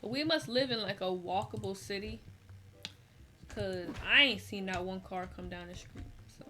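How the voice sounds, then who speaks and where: A tired young woman rambles through a game stream in loose, slangy chat. Her voice sits at an ordinary pitch for a woman. A steady hiss and keyboard clicks run under the talk. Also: normal speed. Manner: chatty, rambling, relaxed slang. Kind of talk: casual gameplay chat.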